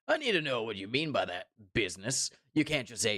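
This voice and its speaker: A man's voice: fairly low pitch, big pitch swings, brisk, dry recording, clean studio sound. A man streaming live, chatting casually and reading viewer comments, rambling and repeating himself with mock indignation. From Canada.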